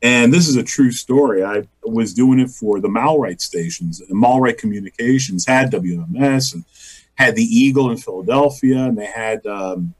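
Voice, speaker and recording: A man's voice: mid-range voice, slightly rough. A male stand-up comedian telling a story in casual chat, acting out quotes and laughing often. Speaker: guest comedian and voice actor.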